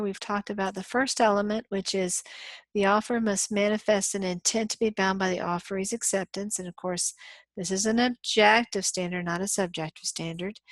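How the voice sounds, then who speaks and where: A woman's voice: mid-range voice, fairly bright tone, no room sound. A woman business law instructor giving a recorded lecture, explaining through acted-out everyday scenarios with frequent "um"s.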